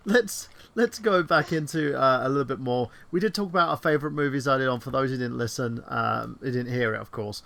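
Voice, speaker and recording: Man, casual chat show host, excitable, rambling, bright tone. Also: medium pitch, a little fast, vocal fry. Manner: rambling, excitable, swears freely. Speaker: podcast co-host.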